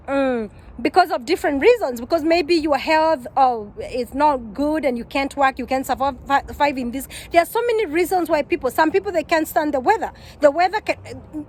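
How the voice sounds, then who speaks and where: A woman's voice: high voice, slight background noise, poor audio. A Kenyan woman giving earnest, heartfelt advice in a casual vlog, often repeating her points. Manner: earnest, repeats herself, animated quoting. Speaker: vlogger.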